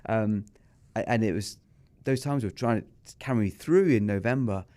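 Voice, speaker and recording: A man's voice: lowish voice, moderate pace, mellow. A middle-aged English man with an English accent, speaking as a podcast guest and telling his story candidly and earnestly. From England. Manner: earnest and openly confessional, acts out remembered dialogue. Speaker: podcast guest, small business owner. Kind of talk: candid personal storytelling in an interview.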